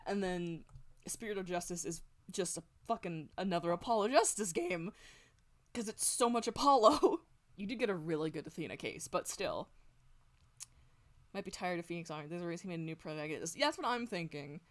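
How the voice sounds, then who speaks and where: Brisk and lively in intonation, this woman's voice is fairly low in pitch. She's a streamer at home on a close desk mic, rambling through casual stream chat while drawing, swearing plenty and laughing often.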